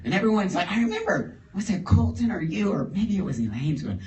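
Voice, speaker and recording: A man telling a story on stage to a live audience. He talks in an animated way, laughs often and acts out the other people's lines. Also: a little high, fairly quick, few pauses, background noise. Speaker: guest storyteller. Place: live event in a store before an audience. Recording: roomy live room, distant mic, audible audience.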